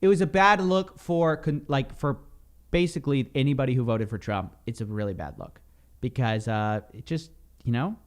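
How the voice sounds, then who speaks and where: A man's voice: mid-range voice, moderate pace. A man co-hosting a casual podcast, joking and mimicking the people he discusses. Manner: animated, mimics people he mocks. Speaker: podcast co-host.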